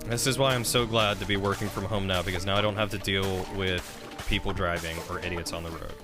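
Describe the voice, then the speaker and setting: A man streaming a game and chatting casually, telling an animated story. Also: brisk, over music. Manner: animated storytelling, rising pitch when quoting an argument. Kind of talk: casual gameplay stream chat.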